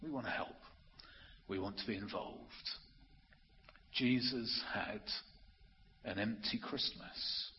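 A man preaching an earnest, emphatic sermon, slowing down to stress key phrases. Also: on the low side, slight background noise. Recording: muffled audio with long hall reverb.

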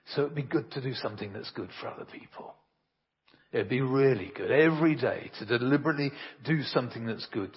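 Husky preacher in a reverberant hall. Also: male voice, mid-range voice. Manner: earnest and emphatic, tells homely anecdotes. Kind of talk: sermon. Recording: reverberant hall, dull lo-fi sound.

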